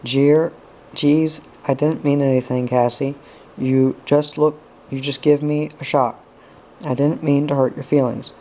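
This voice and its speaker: A man's voice: mid-range voice, steady tone, a little slow, mellow, lightly acted, poor audio. A man doing a cocky, evasive young man. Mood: placating. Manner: offhand, defensive.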